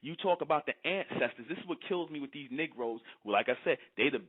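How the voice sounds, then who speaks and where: A man's voice: fairly high pitch, lively intonation, quick pace, breathy edge. A man giving a preaching monologue, repetitive and full of rhetorical questions. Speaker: commentator. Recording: tinny phone-like sound.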